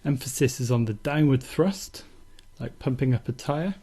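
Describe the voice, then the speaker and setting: Calm, husky-voiced man teaching. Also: medium pitch, normal speed. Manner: calm, steady, methodical explaining. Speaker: acupuncture teacher. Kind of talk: instructional demonstration.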